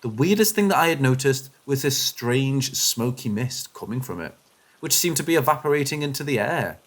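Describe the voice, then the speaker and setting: A man giving scripted, expressive narration of first-person paranormal stories, shifting his delivery with the suspense. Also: mid-range voice, normal speed. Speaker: story narrator.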